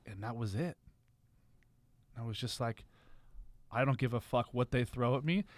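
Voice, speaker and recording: A man's voice: medium pitch, moderate pace. Raw, confessional male podcast guest. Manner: raw, confessional, swears freely. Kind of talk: candid podcast conversation.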